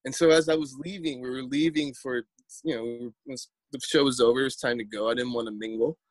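Rambling New poet, dry sound. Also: male voice, medium pitch, fairly even intonation, brisk, no room sound. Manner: rambling, repeats words, acts out quotes. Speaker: poet interviewee. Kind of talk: casual storytelling interview.

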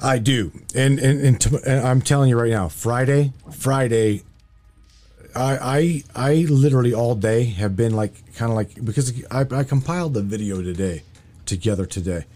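A man's voice: medium pitch, moderate pace, a little mellow. A man hosting a casual open-line call-in show, stumbling over his words and often restarting. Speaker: radio call-in host.

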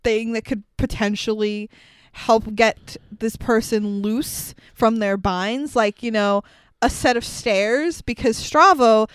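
A woman co-hosting a casual movie recap podcast, animated and exasperated, swearing freely. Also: on the high side, clean tone, dry recording. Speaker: podcast co-host.

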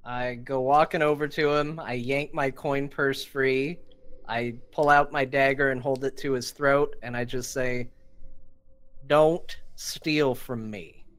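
Man, tabletop player, smooth, bright, matter-of-fact. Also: mid-range voice, flat delivery, a little slow. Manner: matter-of-fact, describes actions plainly. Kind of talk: tabletop game play.

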